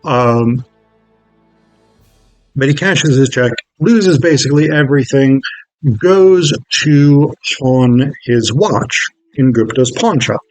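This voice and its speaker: A man's voice: mid-range voice, lively intonation, takes it slowly, darkish tone, no echo, poor audio. Man, film reviewer, casual rambling recap, dry close sound, faint music behind. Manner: rambling, many fillers and self-corrections.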